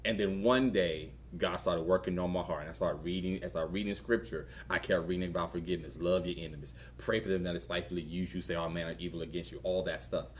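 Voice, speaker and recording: A man's voice: low voice, steady tone, quick pace, few pauses, slight background noise. A middle-aged man with a Southern US accent, a pastor telling his own story in a conversational sermon and acting out the voices in it. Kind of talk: testimony sermon. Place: church.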